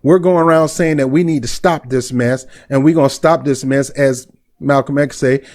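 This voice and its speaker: A man's voice: medium pitch, steady tone, moderate pace, a little mellow. Indignant man ranting on his vlog. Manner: blunt and indignant, talks in street slang. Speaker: commentary vlog host. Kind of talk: heated commentary.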